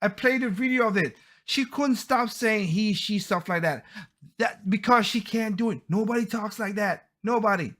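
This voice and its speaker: A man's voice: high-pitched, normal speed, a bit bright. A man hosting a podcast, giving heated, blunt opinion commentary and often stumbling over and repeating his words. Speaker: podcast host.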